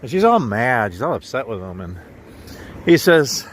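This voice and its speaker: A man casually narrating his walk through town streets in a slow, rambling, chatty way with chuckles, talking to a handheld camera. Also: mid-range voice, very animated, a little hiss or hum. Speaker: walking vlogger.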